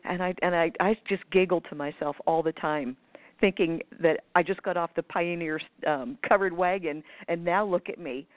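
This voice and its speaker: A woman's voice: on the low side, normal speed, dry recording. Woman rambling over a tinny phone. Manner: rambling, with many fillers and restarts; acts out others' voices in quoted asides. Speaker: guest speaker on manifestation. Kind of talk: conversational explanation over a call. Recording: tinny phone line, dry.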